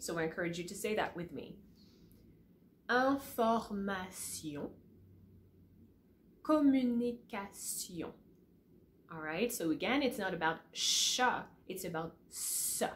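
A woman teaching pronunciation, repeating each word slowly and checking in with "all right?" after each point. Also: on the low side, fairly bright tone, a little hiss or hum. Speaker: French teacher. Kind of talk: pronunciation lesson to camera.

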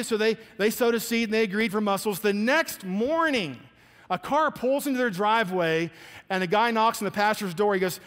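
A male pastor preaching a sermon, emphatic and animated, acting out the people in his stories. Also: sits high, normal speed, big-room sound. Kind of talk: sermon with storytelling.

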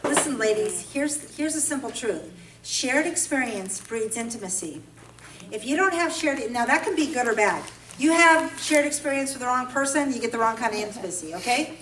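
Woman speaker from California, high bright voice, lively storytelling sermon, echoey hall, a bit off-mic. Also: a little hiss or hum. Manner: animated storytelling, playful then earnest. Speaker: women's breakfast speaker. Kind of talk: humorous sermon. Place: church event hall. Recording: echoey hall, mic at a distance, faint ambience.

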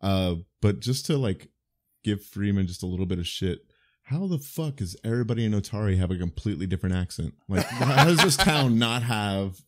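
A man's voice: lowish voice, animated, a little fast. A man playing in the group, talking casually on a podcast in a joking, crude, enthusiastic way. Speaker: player.

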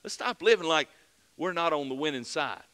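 Bright-voiced fervent preacher, a man. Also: fairly high pitch, expressive, normal speed. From United States. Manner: fervent preaching, rising to loud emphatic peaks. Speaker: pastor. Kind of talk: sermon.

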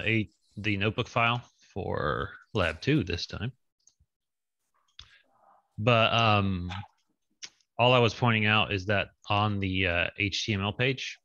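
A man with a lowish, forceful, bright voice walks students through a coding lab over a video call. He talks casually, thinks aloud and fills pauses with ums and uhs. The sound is dry and a little dull, like lo-fi call audio. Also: no echo. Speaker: lab instructor. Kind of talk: online coding lab walkthrough. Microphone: video call with screen share.

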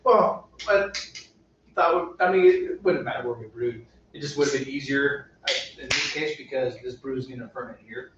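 A man's voice: mid-range voice, moderate pace, noisy background. Easygoing man in an echoey room. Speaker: co-host. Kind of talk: casual chat. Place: home brewing spot. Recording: echoey, distant, dull room audio.

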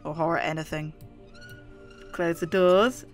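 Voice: mid-range voice, normal speed, a bit bright, faint music behind. A gamer with a London accent and a slight lisp, commenting on a horror game in a chatty, jumpy way, swearing often. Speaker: gaming video host. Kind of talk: let's play commentary.

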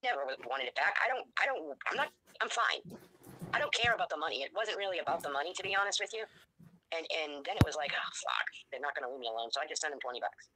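Blunt, fast-talking woman in her sixties. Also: sits low, background noise. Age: 60s. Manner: blunt, profane, animated storytelling. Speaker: interview guest. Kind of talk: candid interview.

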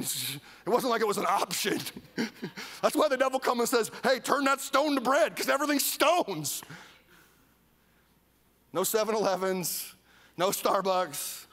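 A man from Iowa preaching a sermon as a pastor, animated, with mock voices and calls for the crowd to repeat. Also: sits high. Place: church service.

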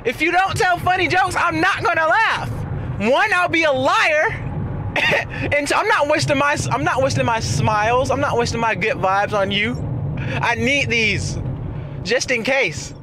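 A man's voice: very high voice, lively intonation, measured pace. A young man in a casual vlog, talking and ranting from inside his car while he drives, laughing often and trailing off into fillers. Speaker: vlogger. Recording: car and road noise behind voice. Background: road and traffic noise.

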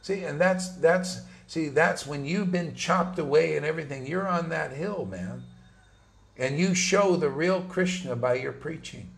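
Talking to his followers in a measured, fairly high voice, this man preaches emphatically but informally, dropping slangy asides as a spiritual teacher would in conversation.

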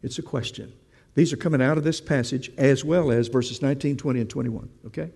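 A man's voice: medium pitch, fairly quick, vocal fry, mellow, husky, big-room sound. A man preaching a sermon, telling a story and asking the congregation questions in a conversational way.

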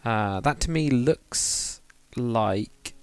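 A man's voice: medium pitch, expressive, extremely slow, clear, resonant tone, no echo. A man chatting casually and rambling to viewers on a live stream, with many fillers. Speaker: live streamer, game builder.

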